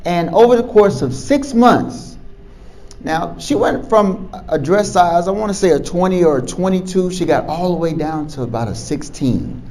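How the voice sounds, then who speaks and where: A man who is a doctor, telling a patient story to camera in an animated way, chuckling and repeating words as he goes. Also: high-pitched, moderate pace, poor audio. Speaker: physician.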